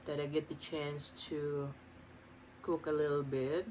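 A woman's voice: low voice, level tone, unhurried, darkish tone, a little hiss or hum. A middle-aged woman eating on camera at home, murmuring between bites and gushing about her food. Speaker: food vlogger. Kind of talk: mukbang eating vlog. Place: home kitchen.

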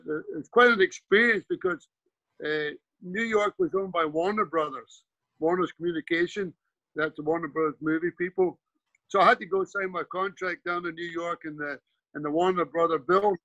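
Scottish guest in his 70s; high, forceful tone; chatty storyteller full of restarts. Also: dry recording, muffled recording. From Scotland. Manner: rambling anecdotes with frequent restarts and "you know". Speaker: guest, former pro player and coach. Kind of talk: casual storytelling interview.

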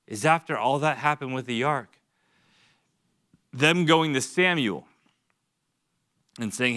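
A young man gives a relaxed, chatty sermon at church, his voice bright and forward with a clean, ringing clarity. He teaches in a friendly, conversational way, slipping in quick jokes and asides and sometimes repeating a word as he gathers his thoughts. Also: medium pitch. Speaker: pastor.

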